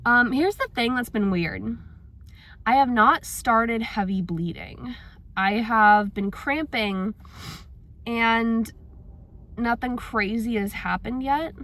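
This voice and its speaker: A young woman talking through a casual personal vlog, her voice sitting a little higher than most. She is chatty and acts out her own reactions, suddenly jumping up in pitch when she quotes herself. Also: slow pace, a bit bright. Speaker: vlogger.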